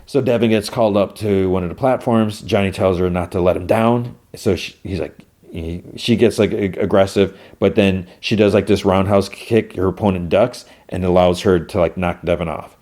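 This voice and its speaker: A man's voice: low voice, normal speed, a little mellow. A man hosting a podcast, casually recapping a TV episode scene by scene with loose quoted lines and lots of filler words. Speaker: podcast host.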